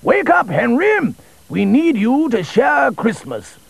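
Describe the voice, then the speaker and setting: A man voicing a kindly, fussing storybook king for a children's story, speaking slowly and gently. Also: extremely high pitch, wildly swooping pitch, vocal fry, slightly rough, dry recording, pitched above the performer's own voice, full character voice. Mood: gentle.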